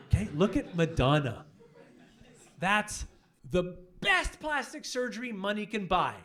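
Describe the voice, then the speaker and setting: A young man doing a stand-up comedy set on a club stage, brash and profane, telling animated stories into a handheld mic. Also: sits high, a little slow, long pauses. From Canada.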